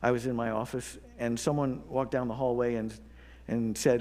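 A man pastor delivering a sermon, telling a story with earnest pauses and building to emphatic appeals. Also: medium pitch, level tone, a little mellow.

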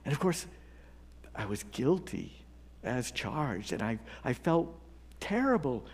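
A man pastor delivering a sermon, telling a story with earnest pauses and building to emphatic appeals. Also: mid-range voice, very animated.

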